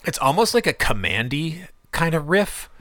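A man's voice: fairly high pitch, very animated, moderate pace, sharp tone, no echo, clean studio sound. A man co-hosting a casual chat about comics, rambling with lots of fillers and restarts. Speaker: podcast co-host.

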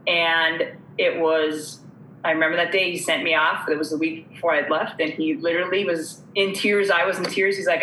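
A woman's voice: low-pitched, steady tone, a little fast, bright, forceful tone, roomy sound, a little hiss or hum, low-quality recording. A woman guest telling her story earnestly, acting out the dialogue she quotes. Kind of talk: conversational storytelling.

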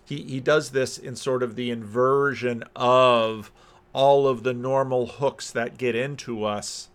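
A man's voice: mid-range voice, fairly even intonation, measured pace. A man who is a Christian minister, giving reflective video commentary and thinking aloud, often repeating words and phrases.

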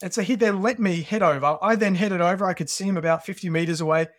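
Australian male guest, lively storyteller, slightly higher voice, dry close mic. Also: quick pace, no room sound. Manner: animated storyteller. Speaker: podcast guest. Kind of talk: conversational interview.

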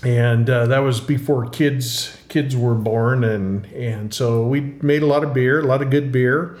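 A middle-aged man, a winery co-owner, answering interview questions in a casual, halting way with many fillers and restarts, recorded in a tasting room. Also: medium pitch, steady tone, a little mellow. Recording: roomy tasting room, faint hum.

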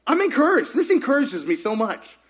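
A man preaching a sermon as pastor, animated and full of questions put to the congregation. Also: very high voice, a little fast.

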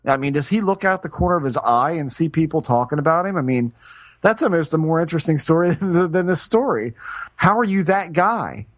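With no room sound, a middle-aged podcast co-host tells a meandering story in casual conversation. His voice is on the high side, expressive and brisk, and he frequently cuts himself off to restart.

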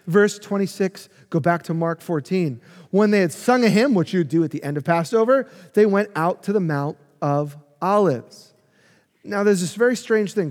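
A male pastor preaching a sermon, emphatic and swinging from loud to hushed. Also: sits high, big-room sound.

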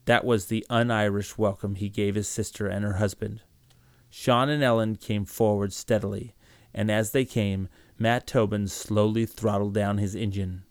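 A man narrating a story in a steady, measured reading. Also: on the low side, clear, resonant tone, no echo.

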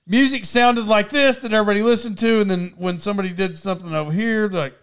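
A man's voice: high voice, fast, a bit bright, smooth. A man telling rambling stories in casual chat, laughing as he goes.

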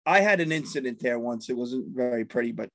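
A man telling a story to friends in casual chat, animated and acting out loud outbursts. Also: mid-range voice, fairly quick, gravelly, no room sound.

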